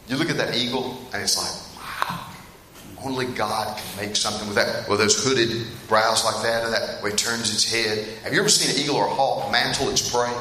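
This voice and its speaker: A middle-aged man with a mid-range voice preaches in a church hall, speaking directly to the congregation. He tells stories animatedly and laughs at the funny bits, and the echoey hall picks up faint room noise.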